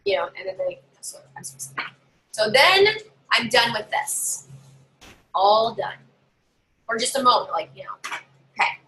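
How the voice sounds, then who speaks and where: Bright, animated woman party seller. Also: a little high, unhurried, long pauses, poor audio. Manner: chatty and animated, acting out customers' lines. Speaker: home party sales consultant. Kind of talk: casual training talk to fellow sellers.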